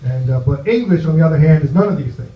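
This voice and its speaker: A man from New Jersey doing a stand-up set in a comedy club, rambling and halting with lots of "you know". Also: on the high side, expressive. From New Jersey, USA. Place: comedy club with live audience. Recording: echoey, muffled live club recording.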